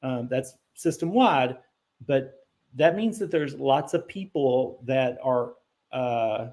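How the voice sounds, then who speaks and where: A man's voice: mid-range voice, animated, takes it slowly, a little mellow. A man hosting a live immigration Q&A, answering viewer questions in a conversational way, thinking aloud with ums and self-corrections, and turning blunt when he corrects misconceptions.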